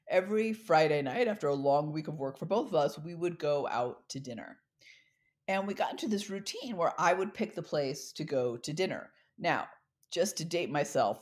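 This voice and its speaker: Middle-aged woman, deep voice, storytelling talk, expressive, acts out dialogue. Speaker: speaker.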